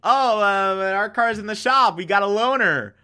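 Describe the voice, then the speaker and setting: A man's voice: sits high, moderate pace, pushed and bright, voice pushed up. A man quoting a cornered male spy who stammers nervously while trying to talk his way out.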